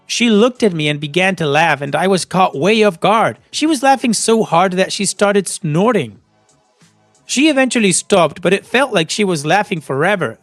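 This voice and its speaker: A man's voice: high-pitched, a bit bright, no room sound. A man narrating online posts aloud and adding friendly, advice-giving commentary between them.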